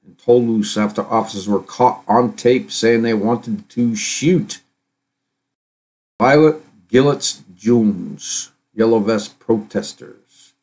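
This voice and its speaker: Lower-pitched and darkish in tone, this middle-aged live stream host reads out news items and reacts to them. His commentary wanders and stalls, full of fillers and restarts.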